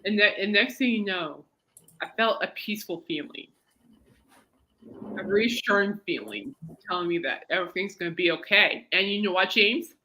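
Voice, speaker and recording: A talkative woman hosts a casual podcast, wandering from story to story. Her voice is bright and forceful, sitting at a middle pitch for a woman. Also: animated, normal speed. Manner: rambling, chatty storyteller. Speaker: podcast host. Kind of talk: casual chat.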